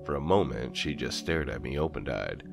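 A man narrating a first-person horror story in a measured storytelling manner. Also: a bass voice, lively intonation, creaky. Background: soft background music.

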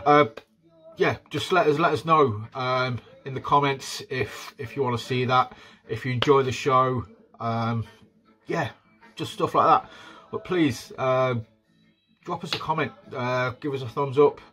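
A man hosting a casual wrestling podcast, talking in a relaxed, upbeat way with lots of fillers. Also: medium pitch, measured pace, slightly rough, soft background music, low-quality recording. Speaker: podcast host.

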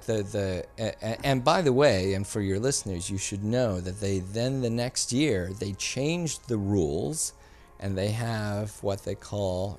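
A man, a filmmaker guest on a podcast, telling a story in a casual, animated way and acting out the people he quotes. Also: lowish voice. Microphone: studio mic.

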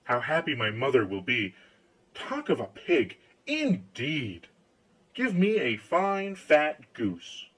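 A man's voice: mid-range voice, huge pitch swings, takes it slowly, a bit bright, husky, exaggerated voice, rough recording. A man voicing a simple, cheerful young man who is easily pleased, in an eager, naive manner.

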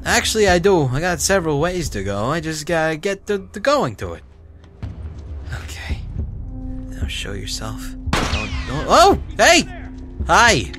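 A man commentating a game as he plays, joking and talking to the characters, dropping to whispers and bursting into yells and swearing. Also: fairly high pitch, big pitch swings, normal speed, long pauses. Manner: swings from hushed whispers to loud yelling and swearing. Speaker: gameplay commentator. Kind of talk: let's play commentary. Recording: game music playing behind.

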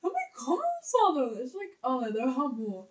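A woman's voice: high-pitched, huge pitch swings, brisk, low-quality recording. A young woman chatting casually in a home vlog, rambling with many fillers and hesitations. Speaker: vlogger.

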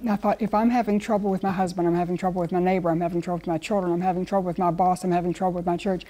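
A woman explains scripture in an earnest, conversational way, telling stories and acting out quotes as she goes. Her voice is warm and mellow. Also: fairly low pitch, level tone, rapid-fire. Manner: earnest, storytelling with acted quotes. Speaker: guest Bible teacher. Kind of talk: conversational Bible teaching.

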